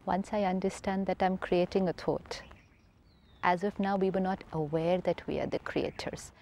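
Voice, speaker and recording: Calm, mellow-voiced woman teaching gently. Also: fairly low pitch, normal speed. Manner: steady, explanatory, repeats key phrases for emphasis. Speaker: spiritual teacher. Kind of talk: calm spiritual talk show conversation.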